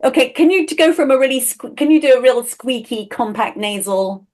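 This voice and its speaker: A woman's voice: sits high, lively intonation, brisk, darkish tone. A woman teaching a one-on-one voice lesson, explaining with enthusiasm and laughing often.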